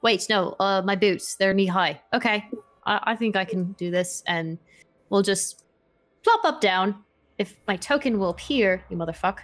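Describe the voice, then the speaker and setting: A woman's voice: medium pitch, moderate pace, lightly acted. A woman voicing a hesitant adventurer who mutters and frets with a put-on folksy accent. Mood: nervous.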